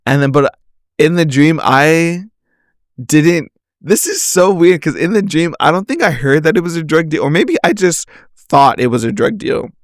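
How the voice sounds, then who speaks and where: A man's voice: a little high, animated, normal speed, no room sound, studio quality. A young man hosting a solo podcast, rambling casually through a story with lots of slang and "like" fillers, often laughing at himself. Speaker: podcast host.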